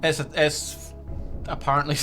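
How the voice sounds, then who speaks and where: A man's voice: on the high side, flat delivery, a little slow, over music. Teasing man hosting a quiz. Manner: teasing and jokey, with many stammered restarts. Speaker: quiz game host on a livestream. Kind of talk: playful casual quiz hosting.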